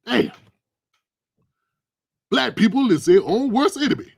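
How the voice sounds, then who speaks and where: A man's voice: extremely high pitch, animated, unhurried, gravelly, a little mellow, breathy edge, no room sound. A middle-aged man hosting a livestream, ranting through political commentary in a blunt, aggressive and profane way. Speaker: livestream host.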